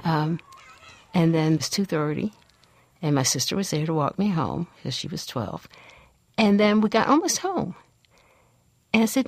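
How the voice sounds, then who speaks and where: Older woman, personal storytelling, reflective, husky tone, dry close sound. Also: deep voice, very animated, no echo. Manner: reflective, unhurried recollection.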